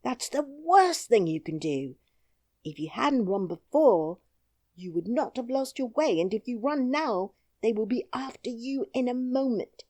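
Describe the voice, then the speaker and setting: A woman's voice: a little high, lively intonation, a little slow, warm tone, no room sound, voice pushed up. A woman voicing a brave, cheerful twelve-year-old miner boy who talks boldly and plainly. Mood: frank. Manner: bold, singing taunts, plain-spoken.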